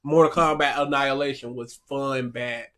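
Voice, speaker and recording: A man's voice: medium pitch, fairly even intonation, normal speed, fairly bright tone. A man co-hosting a casual podcast, reading out listener questions and answering bluntly in short replies. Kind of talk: casual chat.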